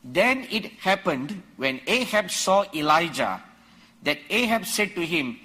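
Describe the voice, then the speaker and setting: A man preaching a sermon to a conference crowd, quoting scripture dramatically and rising to emphatic shouts. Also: high voice, big pitch swings, measured pace, breathy edge. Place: large conference hall.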